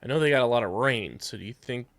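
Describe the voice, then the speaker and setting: A man's voice: mid-range voice, animated, fast talker. A man co-hosting a casual sports podcast, upbeat and jokey, reading sponsor spots in a hype voice. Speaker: podcast co-host.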